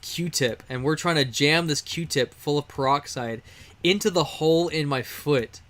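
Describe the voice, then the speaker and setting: Slightly high-voiced rambling streamer guy. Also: measured pace, fairly bright tone. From Texas, USA. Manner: rambling, chuckling, lots of fillers and restarts. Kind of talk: casual storytelling while playing a game.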